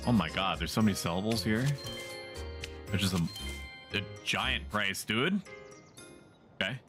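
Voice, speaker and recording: A man's voice: fairly low pitch, measured pace. A man streaming a game, chatting casually with rambling jokes and casual swearing. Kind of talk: casual gameplay commentary. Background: game music.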